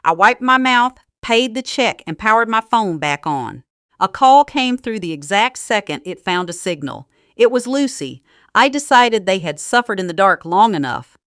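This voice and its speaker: Calm, cutting woman narrating a story. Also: mid-range voice, normal speed, dry recording, studio quality. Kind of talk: first-person story narration.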